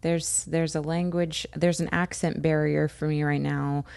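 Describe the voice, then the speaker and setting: An American woman co-hosting a casual podcast chat, telling animated stories and acting out what people said. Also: sits low, measured pace, gravelly, clean tone, no echo. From United States. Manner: animated storytelling, acting out quotes. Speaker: podcast co-host.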